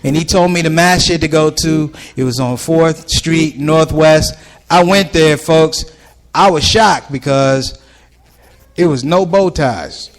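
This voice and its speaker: A man's voice: fairly high pitch, slow pace. A man telling stand-up stories to a live ballroom audience in a casual, conversational way, jumping in and out of voices. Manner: conversational, animated, jumps between voices. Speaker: stand-up comedian.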